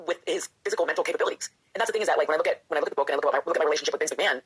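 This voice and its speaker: A woman's voice: low voice, racing, slightly rough. A woman, a professional wrestler and author, talking candidly and with feeling in an interview, often acting out her own inner voice.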